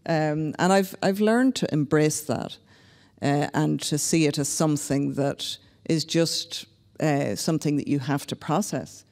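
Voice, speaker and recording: A woman's voice: low voice, a little slow, darkish tone. A woman from Northern Ireland speaking as a panelist, talking in a reflective, candid and wry way. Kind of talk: panel discussion. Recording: long reverb of a hall.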